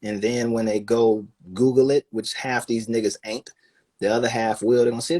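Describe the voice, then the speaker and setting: Man, husky, breathy edge, casual profane chat, riffing, mid pitch. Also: level tone, fairly quick, a little mellow. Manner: profane, riffing, acts out quoted voices. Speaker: guest in conversation.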